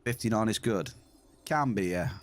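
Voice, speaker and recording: A man's voice: on the low side, animated, normal speed, faint music behind. A man streaming a game, chatting casually and talking straight to his chat. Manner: chatty, addresses chat directly. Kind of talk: casual live-stream chat while gaming.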